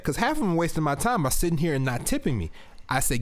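A man's voice: fairly high pitch, sing-song, fast. A man co-hosting a casual podcast, telling a work story in a blunt, profane way. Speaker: podcast co-host.

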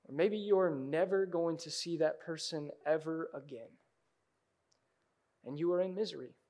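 A high-voiced man delivers a sermon from the pulpit of a church. He drops to near-whispers, then rises to loud, urgent appeals to the congregation. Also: moderate pace. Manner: dynamic preaching, swings from hushed to loud. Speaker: pastor. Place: church sanctuary.

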